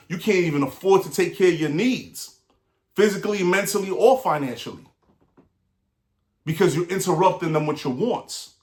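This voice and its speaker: Earnest man in an echoey room. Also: a little high. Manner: earnest, repetitive, asks the listener "right?". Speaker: motivational speaker. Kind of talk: motivational talk to camera.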